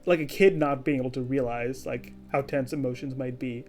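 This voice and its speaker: A man's voice: medium pitch, steady tone, brisk, a little mellow, faint music behind. A man narrating a tabletop game as game master, describing the scene casually with lots of fillers.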